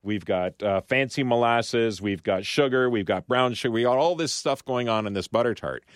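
A man's voice: mid-range voice, moderate pace, no echo. A man as a studio guest on a radio show, chatting about baking in a rambling, explaining way with frequent restarts. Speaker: studio guest, food commentator. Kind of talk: casual radio talk. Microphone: studio microphone.

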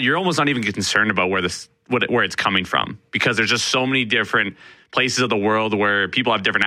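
Bright-voiced Canadian man, quick radio chat. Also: on the low side, no echo. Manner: animated, quick, laughs while teasing. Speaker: radio show co-host.

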